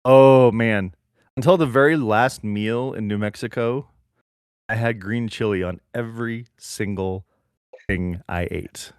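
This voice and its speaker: A man's voice: fairly low pitch, unhurried, clear, resonant tone, no echo, clean studio sound. A man in his thirties co-hosting a podcast, chatting in a playful, jokey way. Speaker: podcast co-host. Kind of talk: casual chat.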